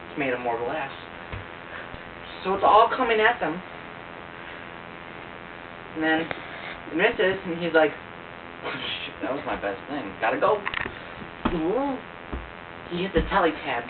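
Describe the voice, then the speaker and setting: A young man jokingly retelling a movie plot at home, rambling and laughing at his own jokes. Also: a little high. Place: living room at home. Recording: tinny, distant, noisy home video.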